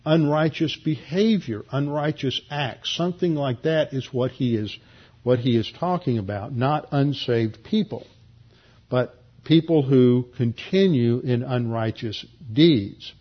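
A husky-voiced man delivers an earnest verse-by-verse Bible teaching, stressing key words and restarting phrases as he explains. His voice sits in a middle pitch. The recording is dull and lo-fi. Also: unhurried.

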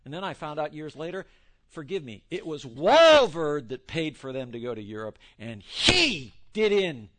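A male preacher with a high, bright voice that swings widely up and down. He preaches in rambling fashion, sliding into quick joking asides. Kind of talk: sermon. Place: church in Texas.

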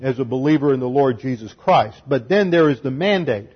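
A man's voice: mid-range voice, lively intonation, brisk, husky, highs cut off. A man preaching an expository sermon, teaching methodically through numbered points and scripture. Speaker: pastor.

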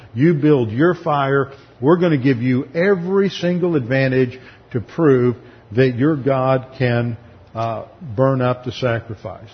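Speaking in a husky mid-range voice, a pastor works through a Bible passage, explaining it with emphasis and now and then performing the voices of those he quotes. The sermon was captured in lo-fi within an echoing hall.

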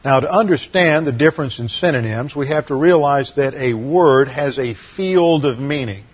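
A man delivering a teaching sermon with a mid-range voice. He explains slowly and methodically and often restarts his sentences. The recording sounds slightly dull and lo-fi. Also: medium pitch, slightly rough. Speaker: Bible teacher. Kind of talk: sermon lecture.

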